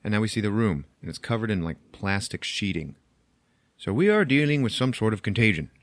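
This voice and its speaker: A man's voice: on the low side, very animated, fairly quick, dry recording. A man hosting a podcast, recapping a film plot in casual chat, chatty and profane, laughing at his own jokes, on a close microphone.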